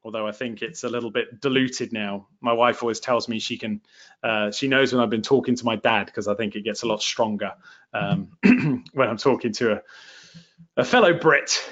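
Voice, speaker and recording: A man's voice: mid-range voice, normal speed, fairly bright tone, muffled recording. A man with a southern English accent hosting a live webinar for his online course, chatty and self-deprecating, with lots of fillers. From England.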